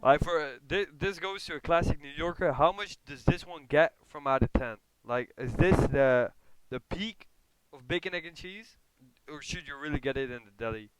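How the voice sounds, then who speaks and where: A man streaming, reacting to a video in relaxed, casual commentary and often repeating his words. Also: a little high, moderate pace, a crowd in the background, poor audio.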